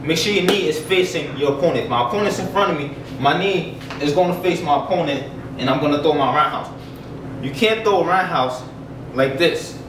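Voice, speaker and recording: A man's voice: on the high side, fairly quick, background noise. A man teaching basic karate kicks in a loose, chatty way, out of breath as he demonstrates. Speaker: karate instructor. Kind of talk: casual martial arts lesson. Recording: echoey room, mic from a distance.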